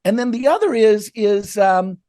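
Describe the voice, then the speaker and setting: A middle-aged man spins anecdotes as a podcast guest, slipping into the voices of the people in his stories. His voice sits a little high. The sound is dry and close, with no room around it. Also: normal speed, dry recording. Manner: animated, acts out quoted voices. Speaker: guest author. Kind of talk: storytelling in a podcast interview.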